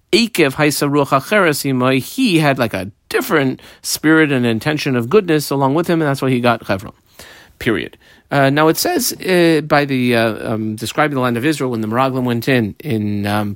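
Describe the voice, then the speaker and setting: A man leads a Talmud study class, explaining the text phrase by phrase with Hebrew terms woven into English. His voice sits at an ordinary middle pitch. The sound is dry and close, with no room around it. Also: dry recording. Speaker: Talmud teacher.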